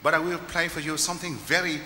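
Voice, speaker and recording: A man's voice: fairly high pitch, little pitch movement, quick pace, sharp tone, big-room sound, a little hiss or hum. A man with a Vietnamese accent, a folk musician explaining his instruments to a live audience in simple, friendly English.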